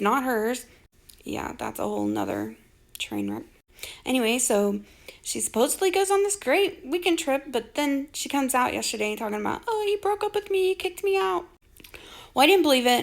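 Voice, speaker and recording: Gravelly-voiced woman dishing sarcastic gossip. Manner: exasperated, sarcastic, mimics people in high voice. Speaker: social media commentator. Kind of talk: gossip commentary.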